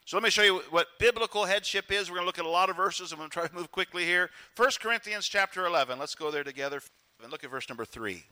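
A man preaching a sermon as pastor in church, animated and acting out quoted voices. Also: sits high, fast.

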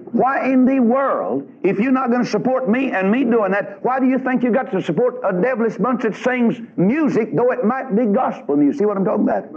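A man's voice: high voice, slightly rough. A man preaching a revival sermon in a church, fiery, folksy and emphatic. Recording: lo-fi old tape recording.

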